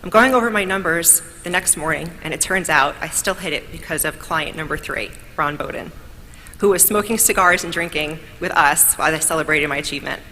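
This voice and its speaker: A woman from New York gives an upbeat speech of thanks at an awards event. Her voice is bright and a little lower than most. A long hall reverb trails her words, with faint noise underneath. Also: brisk. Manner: grateful, upbeat, storytelling. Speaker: award speaker.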